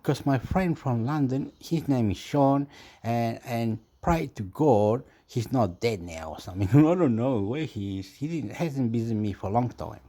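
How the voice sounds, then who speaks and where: A man's voice: medium pitch, expressive, normal speed, warm tone. A man who grew up in Chile, talking to camera in a rambling, casual monologue, meandering and self-deprecating, often laughing at himself. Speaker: YouTuber.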